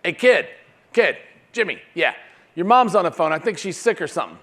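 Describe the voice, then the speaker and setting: A man's voice: high-pitched, expressive, a little fast, bright, forceful tone, pitched above the performer's own voice. A man putting on the voice of a pushy veteran car salesman who is eager to close deals. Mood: sly.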